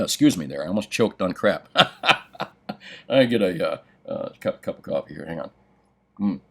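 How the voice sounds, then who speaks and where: An older man with a somewhat low voice runs a casual livestream from his coin shop, answering viewer comments. He talks bluntly and opinionatedly, with plenty of profanity. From United States. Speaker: coin shop owner and host.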